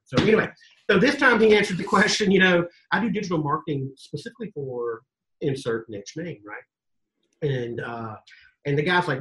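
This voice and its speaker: As a guest coach on a casual podcast interview, a man tells stories animatedly, acting out quotes and swearing casually. His voice is a little high and brisk, and the audio quality is poor.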